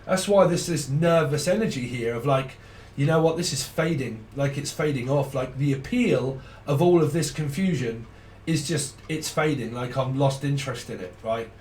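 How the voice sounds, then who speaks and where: A man's voice: medium pitch, moderate pace, darkish tone, distant mic, a little hiss or hum. A man giving a casual, rambling tarot reading, swearing freely and laughing often. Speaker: tarot reader. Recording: roomy sound from off the mic.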